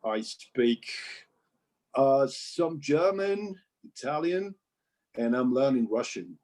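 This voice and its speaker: A Mexican man, a musician and composer, speaking English with a faintly British lilt as a guest in a casual interview, relaxed and hesitant. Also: medium pitch, slow pace. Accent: slightly British-sounding English. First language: Spanish. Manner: relaxed, hesitant with many fillers.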